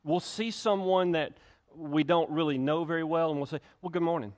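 In his church sanctuary, a male pastor preaches a conversational sermon, often restarting sentences and acting out quotes. He has a fairly high voice and speaks at normal speed.

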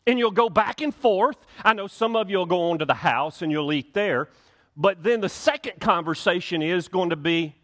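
High-voiced man preaching a sermon. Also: lively intonation, moderate pace, a bit bright. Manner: conversational preaching, acts out little dialogues. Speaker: pastor.

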